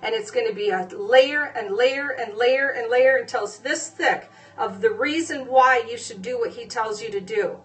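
A woman preaching a sermon, hesitating with fillers at times and then pressing her points with forceful repetition. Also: fairly high pitch, moderate pace, hardly any pauses, far from the mic. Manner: emphatic, repeating phrases with rising force.

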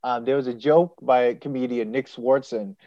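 A man's voice: mid-range voice, moderate pace, no echo, highs cut off. A young man co-hosting a podcast, telling stories with acted-out quotes in casual chat. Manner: animated storytelling with acted-out quotes. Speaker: podcast co-host.

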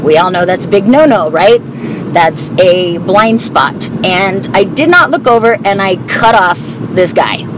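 A woman's voice: medium pitch, animated, a little slow. Woman talking candidly while driving. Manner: candid, profane storytelling. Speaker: vlogger. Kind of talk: casual monologue while driving. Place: inside a car on the road. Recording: loud road and car noise.

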